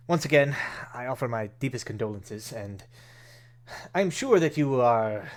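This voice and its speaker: A man voicing a courteous male noble who speaks formally and slowly, in a tabletop game. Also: mid-range voice, expressive, natural voice. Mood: consoling. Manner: formal, measured, slow speech.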